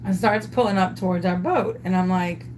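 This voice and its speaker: A woman's voice: on the low side, moderate pace, slight background noise. Chatty woman telling a story. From Louisiana. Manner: animated, chatty, self-amused storyteller. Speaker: craft vlogger. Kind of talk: storytelling while crafting.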